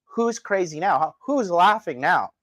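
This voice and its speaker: A man's voice: sits high, expressive, a little slow, a bit bright, dry recording. A man hosting a livestream, delivering a profane, combative rant and talking straight to his chat. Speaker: livestream host. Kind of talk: ranting livestream commentary.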